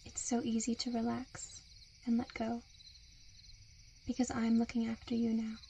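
A woman in a whispered role-play, with a soft, soothing and coaxing hypnotic murmur. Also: a little high, monotone, moderate pace, slight background noise. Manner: seductive, coaxing.

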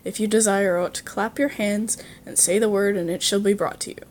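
A woman's voice: mid-range voice, fairly even intonation, moderate pace, a little mellow, a little hiss or hum, lightly acted. Stately storybook beast, voiced by a woman, courteous, solemn, formal.

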